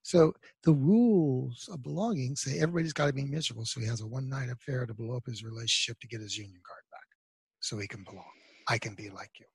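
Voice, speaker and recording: A man talking as a therapist on a talk show, telling a client story with emphatic bursts that trail off into quiet asides. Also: medium pitch, fast, gravelly, husky, no room sound. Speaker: guest therapist. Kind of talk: conversational interview talk.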